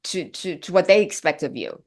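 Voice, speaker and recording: Emotional, halting middle-aged actress. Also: female voice, lowish voice, very animated. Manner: emotional, halting, many restarts. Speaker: actress, guest. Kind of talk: interview chat.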